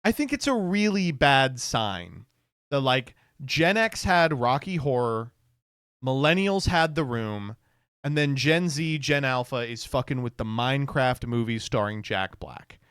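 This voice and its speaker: A man's voice: mid-range voice, lively intonation, unhurried, a bit bright, clear, resonant tone, no room sound, studio quality. A man streaming and reacting to posts in casual commentary, sardonic and swearing freely.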